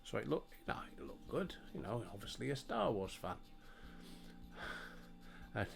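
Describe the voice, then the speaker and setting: A man's voice: medium pitch, sing-song, normal speed, creaky, music in the background. A man in his sixties with a Yorkshire accent, chatting casually and telling rambling stories while he plays a game, laughing often. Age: 60s. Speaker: gaming video host. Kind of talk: casual chat and storytelling while playing.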